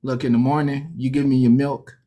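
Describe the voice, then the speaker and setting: A seasoned, scheming jail veteran talks low and smooth, as a storyteller puts the voice on. The tone is coaxing and sly, below the teller's usual pitch. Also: level tone, brisk, dark tone, lightly acted. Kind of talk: comic storytelling.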